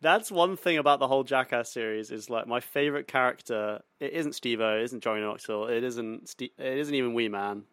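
A man chatting on a podcast, tossing in reactions and eager opinions with plenty of swearing. His voice is smooth and clear at a middle pitch, recorded dry and close. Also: fairly quick, hardly any pauses, no room sound. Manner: relaxed reactions and enthusiastic opinions, swears freely. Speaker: podcast co-host. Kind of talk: casual chat.

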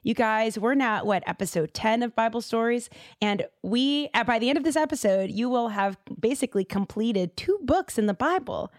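A woman from Boston hosting a casual podcast, chatty and animated, full of fillers and quick asides. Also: a little high, no room sound, clean studio sound. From Boston, USA. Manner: chatty and animated, with lots of fillers and side remarks. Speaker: podcast host.

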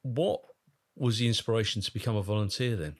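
A man interviewing a guest in an earnest, halting way, with stammered restarts. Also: fairly low pitch. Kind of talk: conversational interview.

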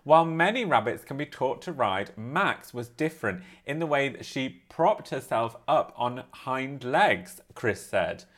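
A man of middle pitch co-hosting a chatty podcast, with a voice that rises and falls a great deal. He reads a news item aloud, often laughs partway through, and stops to add his own asides. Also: a little slow, few pauses. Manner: animated, laughs while reading, breaks off to comment. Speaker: podcast co-host. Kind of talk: casual chat, reading a news story aloud.

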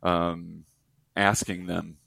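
Male improv comic guest, lowish voice, relaxed and playful, close dry mic. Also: takes it slowly, gravelly, no echo. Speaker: guest comedian. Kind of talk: casual comedic interview.

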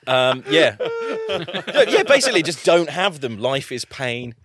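A man in casual comedic chat, his slightly high voice leaping all over the place as he laughs and wanders into tangents. He talks as a guest on a podcast. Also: wildly swooping pitch, a little slow, noisy background. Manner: laughs often, rambling with tangents.

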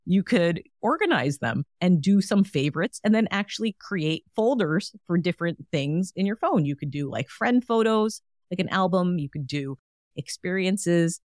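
A woman's voice: lowish voice, animated, normal speed, a little mellow, no echo, studio quality. A woman hosting a solo wellness podcast, talking in an upbeat, encouraging, chatty way with lots of "like". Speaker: podcast host.

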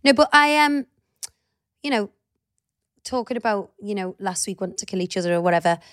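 Woman, 30s, casual podcast chat, animated, mid-pitched, dry sound. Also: fairly quick, no echo. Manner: chatty, animated, swears casually. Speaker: podcast co-host.

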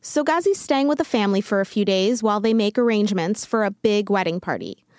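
A woman host narrating a story in a measured, scripted way. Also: medium pitch, animated, darkish tone, no echo, studio quality.

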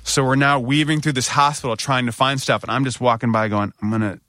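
A man's voice: mid-range voice, steady tone, fast, sharp tone, no echo, clean studio sound. A man casually telling a story on a podcast, acting out his own anxious outbursts.

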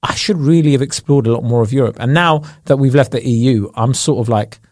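A man's voice: mid-range voice, brisk, darkish tone, dry recording, clean studio sound. A young man co-hosting a podcast in casual, slangy chat, laughing often. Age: young adult. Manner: chatty, slangy, laughs a lot. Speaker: podcast co-host. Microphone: podcast mic.

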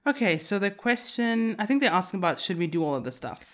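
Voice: mid-range voice, sing-song, fast talker, a bit bright. Reflective podcast co-host thinking aloud. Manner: thinks aloud, with frequent restarts and trailing clauses. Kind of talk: reflective casual conversation.

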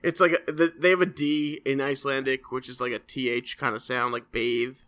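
Young male co-host, bright voice, chatty storyteller who swears. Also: medium pitch, level tone, a little fast. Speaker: podcast co-host. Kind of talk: casual chat.

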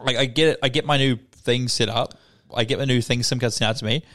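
A man's voice: medium pitch, quick pace. A young adult man with an Australian accent, co-hosting a casual podcast chat, telling stories and swearing freely. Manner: swearing, storytelling, animated retelling. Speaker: podcast co-host.

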